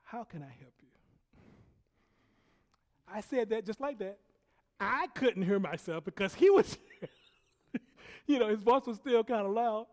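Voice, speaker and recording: A man preaching a sermon, telling a personal story in an animated way, laughing often and dropping from loud bursts to hushed quiet. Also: high-pitched, unhurried. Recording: long hall reverb.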